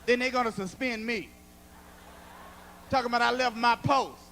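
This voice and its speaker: A man performing a stand-up comedy routine on a club stage, an animated storyteller who often shouts. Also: very high-pitched, normal speed, creaky, slight background noise.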